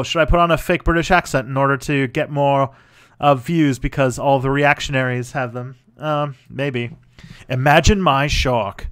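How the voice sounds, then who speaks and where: A man's voice: mid-range voice, fairly bright tone, smooth. A man hosting a casual livestream, commenting on his own old videos in a loose, rambling way. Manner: rambling, with many fillers and restarts. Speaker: channel host.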